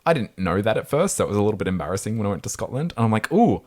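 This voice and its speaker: A man's voice: lowish voice, sing-song, racing. An Australian man co-hosting a casual podcast chat, laughing often and poking fun at himself. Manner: laughs often, self-deprecating. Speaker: podcast co-host.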